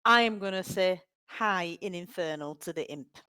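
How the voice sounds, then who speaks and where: A woman player in a tabletop game, calm and matter-of-fact. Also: fairly low pitch, normal speed, smooth, dry recording. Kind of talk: casual game chat.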